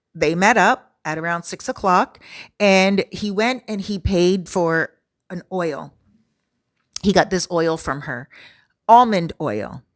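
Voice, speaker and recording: A woman's voice: fairly low pitch, no echo, studio quality. A woman who works as a relocation consultant, telling a casual, chatty storytime in a laid-back way.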